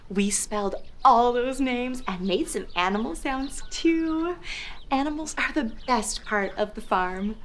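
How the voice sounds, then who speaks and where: A young woman hosting a toddler learning show, speaking in an exaggerated sing-song way, making animal noises and spelling words out slowly. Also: fairly high pitch, expressive, soft background music. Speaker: children's show host.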